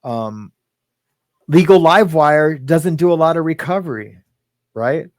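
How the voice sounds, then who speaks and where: A man's voice: on the high side, expressive, unhurried, no room sound, studio quality. A man hosting a casual live stream, rambling, laughing often and greeting viewers in the chat by name. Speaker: livestream host.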